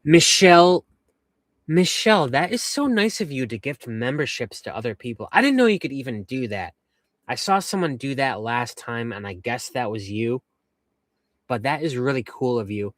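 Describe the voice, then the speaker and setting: Here the vanlife host, a young western Massachusetts man, rambles cheerfully through viewer comments from his camper van. His medium-pitched voice is a bit bright and sing-song at normal speed, with no room sound.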